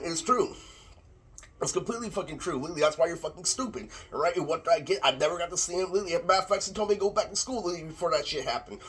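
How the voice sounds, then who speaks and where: A man's voice: fairly high pitch, a bit bright, breathy edge. A man delivering a rambling, profane rant to camera, repeating the same filler word constantly, recorded on a laptop microphone. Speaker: vlogger. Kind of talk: ranting monologue to camera.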